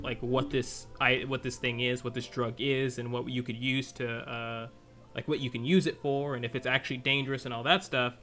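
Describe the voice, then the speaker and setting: A man's voice: mid-range voice, bright, forceful tone. A man co-hosting a podcast in casual chat, explaining his views and thinking aloud with many restarts. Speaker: podcast co-host.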